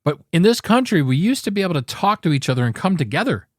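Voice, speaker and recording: A man's voice: sits high, big pitch swings, fast, dry recording, clean studio sound. A man hosting a political talk show, ranting with angry, sarcastic emphasis and frequent swearing.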